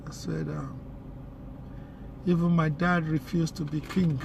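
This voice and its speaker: A man's voice: fairly high pitch, level tone, a little slow, vocal fry. A man with a Nigerian accent chatting casually while he drives, rambling along with street slang. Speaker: vlogger. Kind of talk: casual chat while driving. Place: inside a car in city traffic. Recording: loud road and traffic noise.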